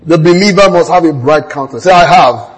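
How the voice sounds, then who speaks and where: A middle-aged man preaches with a fairly high voice. He tells stories with humour, dropping to quiet asides and then rising to loud exclamations. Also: fairly quick, poor audio. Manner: storytelling with humour, lively swings from quiet to loud. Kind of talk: sermon.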